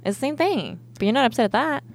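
A young woman co-hosting a podcast, relaxed and teasing in casual chat. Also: sits high, fast talker. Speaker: podcast co-host.

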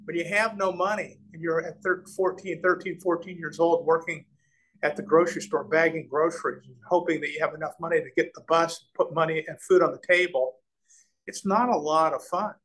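Animated storytelling businessman, higher voice. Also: brisk, poor audio. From Nebraska, USA. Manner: animated storyteller, acts out quoted voices, frequent restarts. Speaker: real estate developer, guest. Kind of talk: conversational storytelling interview.

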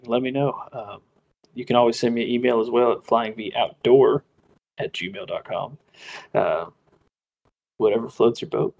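A man with a gravelly, husky voice hosts a casual podcast. He spins a story in loose, slangy talk, full of "like" and "dude.". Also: medium pitch, rough recording. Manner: laid-back, slangy, says "like" and "dude" a lot. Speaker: podcast host.

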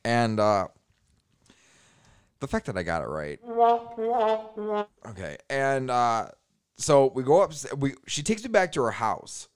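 A man's voice: medium pitch, very animated, a little slow, pauses often, clear, resonant tone. A man in his twenties on a podcast, telling a crude story in a casual way, laughing and acting out the other people in it.

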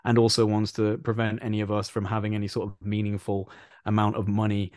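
A British man from England, chatting on a podcast in an animated, rambling way and repeating phrases for emphasis. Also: fairly low pitch, fast, dry recording, studio quality. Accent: British English. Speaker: podcast co-host. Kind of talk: casual political chat.

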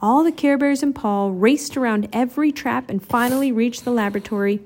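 Lady reading a kids story out loud, a bit high voice, expressive. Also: fairly quick. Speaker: storybook reader.

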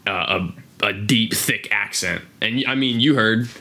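Low-voiced rambling American man. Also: unhurried, creaky, bright, forceful tone. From United States. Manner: rambling, profane, filler-heavy. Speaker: podcast host. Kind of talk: casual chat.

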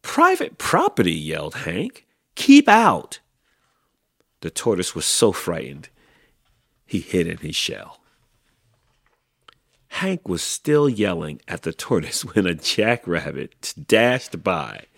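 A man with a deep, gravelly, husky voice reads a children's book aloud at an unhurried pace. His pitch swings widely as he tells the story. The recording is dry and close. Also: no room sound. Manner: slow, expressive storytelling. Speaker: podcast host.

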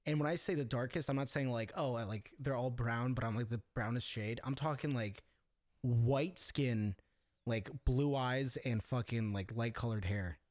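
A young man from the Middle East chats casually, spinning animated, swear-filled stories. His voice sits at a middle pitch and sounds close and dry. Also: moderate pace, no room sound. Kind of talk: casual chat.

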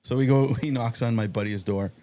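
A man telling a long, animated story on a podcast, acting out the other people in it. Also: mid-range voice, fairly quick. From Massachusetts. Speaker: guest storyteller. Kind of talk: casual anecdote on a podcast.

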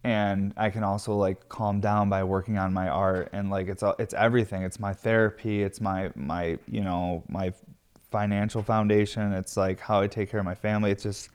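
Rambling, swearing man, lowish voice. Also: flat delivery, moderate pace, clean tone. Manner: rambling, many fillers, swears freely. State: stressed. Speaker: glass studio owner. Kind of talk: candid casual vlog talk.

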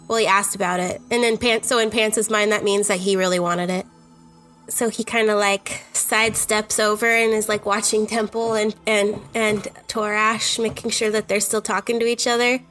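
A woman playing in a tabletop game, excitable and giggly, rambling as she narrates her character. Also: medium pitch, normal speed, faint music behind. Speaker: player. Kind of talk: tabletop role-play chat.

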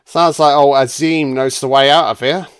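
A man's voice: mid-range voice, steady tone, moderate pace, clean tone. A man giving casual, sardonic film commentary full of swearing and jokey asides.

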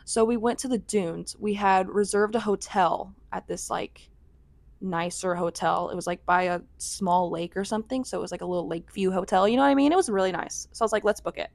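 A woman's voice: mid-range voice, a little fast, gravelly, a little mellow, dry recording. A young woman telling a rambling vlog story in a chatty, casual way, full of "like". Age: young adult. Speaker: vlogger.

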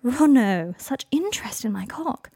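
A self-mocking young man, grieving but quick with sardonic jokes, as a woman reads him. The voice sits a little above her own and lands each quip dryly. The sound is close and dry, with no room around it. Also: a little high, expressive, mellow, husky, no echo, voice pushed up, heavily acted. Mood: wry.

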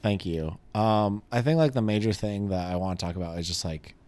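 A man's voice: on the low side, a little fast, a little mellow, no echo. A young man from Los Angeles co-hosting a podcast, telling a rambling story in casual chat and laughing often. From Los Angeles area. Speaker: podcast co-host.

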